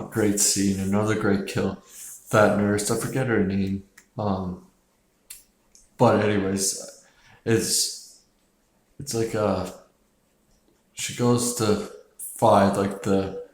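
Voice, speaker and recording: A man talks through a film review in an unhurried, rambling way, full of swearing and little chuckles. His voice is low and gravelly, with a flat, unvaried delivery. The room around him sounds echoey. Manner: rambling, profane, chuckling often, many fillers.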